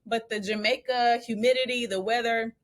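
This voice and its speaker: A woman telling a story in a casual chat, animated and chatty, laughing often and using slangy asides. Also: a little high, moderate pace. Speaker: bride and co-host of a couple's channel.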